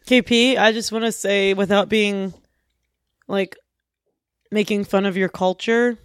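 Brief: woman, improv director, gushing then stern notes, flat dry recording. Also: medium pitch, measured pace, clear, resonant tone, no echo. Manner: bossy, gushing notes with laughs. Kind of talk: comedic improv coaching.

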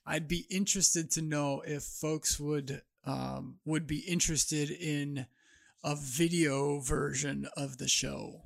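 A man's voice: on the high side, steady tone, slow pace, vocal fry. A man co-hosting a podcast in casual, rambling chat, laughing easily. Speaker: podcast co-host.

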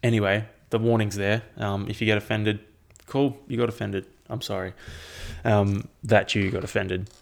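Rambling, profane Aussie guy, gravelly. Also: fairly low pitch, little pitch movement, normal speed. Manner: rambling and profane, with frequent ums. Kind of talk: casual chat.

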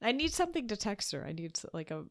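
A woman's voice: medium pitch, very animated, fast talker, no room sound, studio quality. A young woman co-hosting a casual chat podcast, laid-back, laughing easily and hedging her words. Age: young adult. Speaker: podcast co-host.

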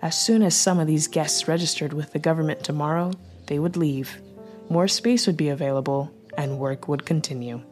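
Low-voiced woman narrating a story. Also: a little mellow. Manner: measured storytelling. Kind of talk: audiobook narration. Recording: faint music bed.

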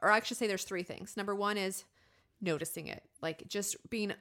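A woman's voice: mid-range voice, moderate pace. A woman in her thirties hosting a podcast, talking openly and animatedly about her own life and acting out her inner voices. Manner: open, animated, confessional storytelling with acted inner voices. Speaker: podcast host. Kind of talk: candid conversational podcast talk.

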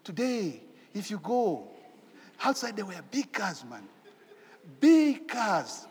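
A man preaching a sermon in an animated way, asking rhetorical questions and repeating his phrases. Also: high voice, slow pace, breathy edge, long reverb tail.

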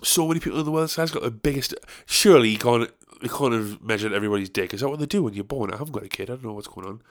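A man's voice: mid-range voice, racing, few pauses. A young man hosting a solo podcast, rambling casually with crude, self-mocking jokes. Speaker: podcast host.

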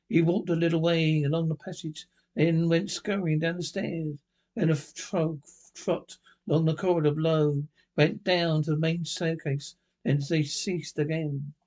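Man reading a ghost story haltingly. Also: a little high, little pitch movement, a little mellow. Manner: halting reading with misreads and restarts. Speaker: narrator.

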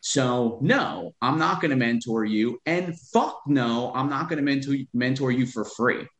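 A man's voice: medium pitch, unhurried, fairly bright tone, echoey room, muffled recording. A man who is a real estate investor, talking bluntly with profanity as a podcast guest. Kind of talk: podcast interview.

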